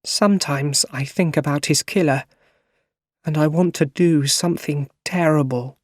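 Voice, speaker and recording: A weary, tearful elderly aunt speaking slowly in a raised, trembling storybook voice, as a male narrator puts her on. The recording is dry and close, with no room sound. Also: on the high side, darkish tone, no room sound, voice pushed up.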